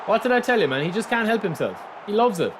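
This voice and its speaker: Young man, game streamer, high voice, very animated, chatty, teasing, repetitive. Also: fast talker, background noise. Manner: teasing, laughs easily. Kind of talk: live gameplay commentary.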